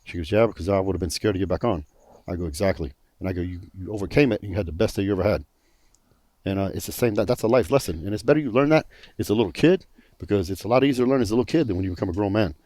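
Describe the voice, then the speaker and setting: A middle-aged man with a drawl who talks fast and swears bluntly. His voice sits low. The recording is dry and close. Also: warm tone, dry recording. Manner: blunt, profane storytelling. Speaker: pro bodybuilder on a panel. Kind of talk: casual chat.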